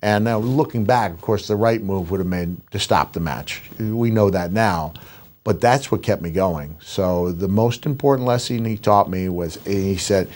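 A middle-aged man and retired wrestler telling animated, rambling stories in a casual podcast chat. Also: sits low, normal speed. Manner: animated, rambling anecdotes with restarts.

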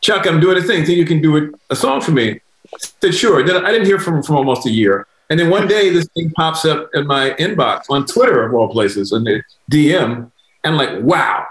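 A man's voice: fairly high pitch, expressive, fairly quick. Man in an echoey room. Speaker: documentary director guest. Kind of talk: interview. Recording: roomy echo.

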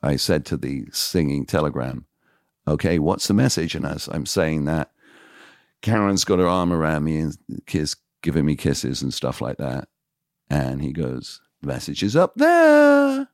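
A man's voice: a bass voice, no room sound, studio quality. A man, a radio DJ guest on a podcast, telling frank stories and acting out the dialogue in them. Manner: animated, acts out quoted dialogue; frank, confessional. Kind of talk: casual storytelling in interview.

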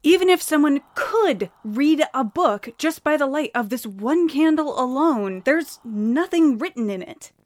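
A woman's voice: high voice, lively intonation, unhurried, hardly any pauses. A woman playing a jittery, sarcastic young woman. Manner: jittery, sarcastic, swears when panicked. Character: scared, sharp-tongued young woman lost in a dark forest. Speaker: voice actor. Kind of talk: audio drama acting.

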